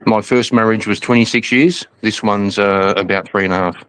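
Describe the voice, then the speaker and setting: A man's voice: on the low side, steady tone, moderate pace, a bit bright, clean tone, poor audio. A man in his fifties on a debate panel, talking bluntly, cussing and cutting in. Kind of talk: casual debate chat.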